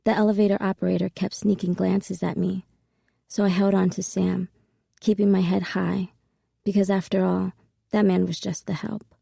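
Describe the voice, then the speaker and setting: A woman reading a first-person audiobook in a steady, intimate storytelling manner. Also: mid-range voice, moderate pace, creaky, slightly rough, no echo, studio quality. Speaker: audiobook narrator.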